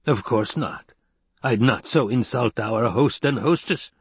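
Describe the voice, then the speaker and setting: A man voicing a haughty, easily frightened male banker who talks slowly and stiffly with a rasp. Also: mid-range voice, lively intonation, dry recording, voice pushed up. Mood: stiff, fearful. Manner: slow, stiff, rasping.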